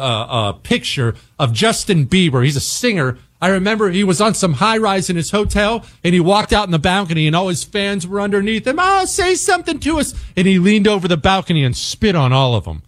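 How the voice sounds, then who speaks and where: A man's voice: high voice, dry recording, clean studio sound. A man hosting a talk radio show, giving an angry, emphatic political monologue and repeating words for stress.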